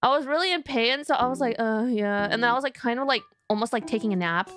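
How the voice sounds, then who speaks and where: A woman's voice: high-pitched, animated, very fast, fairly bright tone, soft background music. A young woman streamer chatting casually with her viewers, rambling and giggly with lots of fillers.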